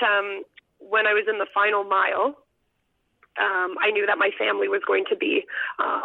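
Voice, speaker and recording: A woman's voice: mid-range voice, gravelly, dry recording. A young adult woman, an elementary school teacher, telling a personal story in an earnest, heartfelt way as a guest over the phone. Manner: earnest, heartfelt, sometimes choked up. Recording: tinny phone line, dry.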